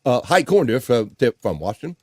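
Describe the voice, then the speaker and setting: A man hosting a live stream show casually reads out viewer comments, joking and laughing often in an animated way. His voice sits in the mid-range, he talks a little fast, and there's background noise.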